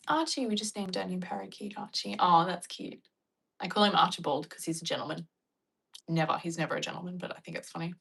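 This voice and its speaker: A young Australian woman chatting casually and bluntly with her viewers, joking and acting out animated retellings. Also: lowish voice, moderate pace, vocal fry, breathy edge, rough recording. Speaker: vlogger. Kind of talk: casual chat reacting to viewer comments.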